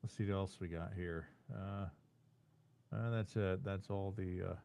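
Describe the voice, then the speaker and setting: A man's voice: low-pitched, steady tone, unhurried, vocal fry, mellow, lo-fi sound. A man co-hosting a tech livestream, thinking aloud and grumbling wryly about settings. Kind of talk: casual chat.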